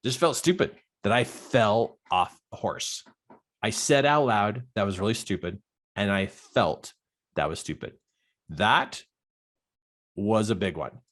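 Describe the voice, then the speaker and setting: A middle-aged man, a life coach, telling a personal story in a coaching talk and acting out the dialogue with big jumps in his voice. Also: measured pace. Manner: animated storyteller, acts out quoted dialogue with big pitch jumps.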